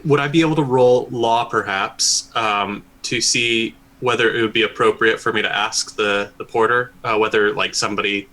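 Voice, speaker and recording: A man's voice: fairly low pitch, fairly even intonation, normal speed, hardly any pauses, bright, forceful tone, low-quality recording. A man playing a tabletop game, thinking aloud in a hesitant way. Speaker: player.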